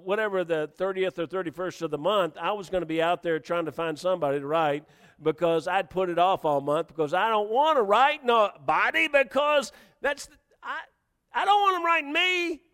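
A man pastor delivers a sermon with animated, emphatic preaching, often repeating himself and rising into questions. His voice sits high for a man. The sound carries a long reverb from a large hall. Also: normal speed, clear, resonant tone.

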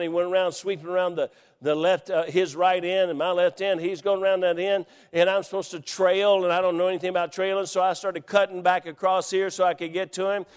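Folksy preacher in a reverberant hall. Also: male voice, high voice, smooth. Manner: folksy, animated storyteller who acts out quotes. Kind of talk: storytelling sermon.

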